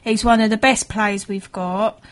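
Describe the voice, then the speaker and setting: A woman's voice: mid-range voice, fairly even intonation, unhurried. Woman co-hosting a footy radio show, reads emails, chatty and laughy. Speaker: radio co-host. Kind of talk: casual radio chat, reading emails.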